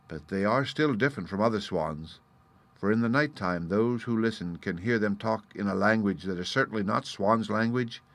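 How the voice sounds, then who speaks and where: A man reading a folk tale aloud as an audiobook narrator, in a measured, expressive storytelling manner. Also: low voice. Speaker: audiobook reader.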